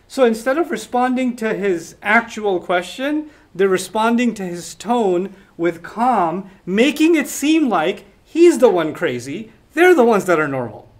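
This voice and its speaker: Guy with a high-ish voice explaining quran verses, emphatic, recites the arabic. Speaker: Islamic teacher. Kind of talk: Quran lesson talk.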